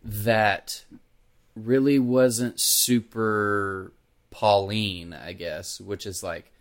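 Lower-voiced Kentucky man, chatty co-host. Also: extremely slow. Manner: animated storytelling with frequent fillers and profanity. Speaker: podcast co-host. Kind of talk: casual podcast chat.

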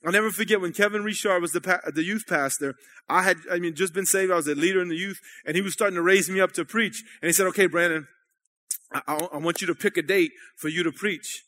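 A man preaching in a church service, his voice sitting high and ringing bright. He talks to the congregation like friends, asking "amen?" and checking they're still following. The delivery is loose and conversational rather than formal. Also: quick pace. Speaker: pastor. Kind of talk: sermon.

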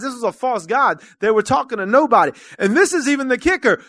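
A man preaching a sermon to his congregation. His delivery is earnest and conversational, and it swells into loud calls to the room. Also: very high-pitched, expressive, quick pace, few pauses, dry recording, studio quality. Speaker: church minister.

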